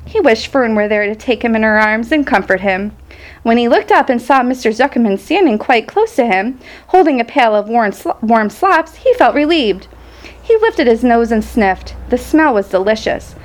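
A woman reading a children's storybook aloud in a gentle, expressive way, with small slips and restarts. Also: a little high, normal speed. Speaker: storybook reader.

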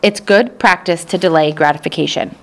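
A woman reading the part of a patient, gentle male schoolteacher who speaks calmly to his pupils. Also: on the low side, fairly quick, lightly acted. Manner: calm, patient.

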